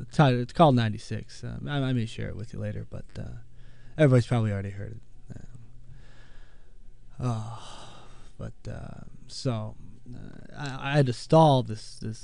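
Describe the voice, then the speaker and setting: A man's voice: medium pitch, vocal fry, darkish tone, no room sound. A man hosting a show in a casual, rambling monologue full of fillers and asides. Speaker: host.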